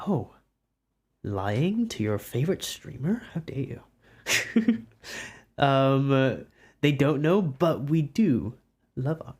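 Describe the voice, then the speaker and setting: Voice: medium pitch, very animated, slow, pauses often, a little mellow. A young adult from Wales with a Welsh accent, chatting casually with viewers on a live art stream, giggling often and rambling.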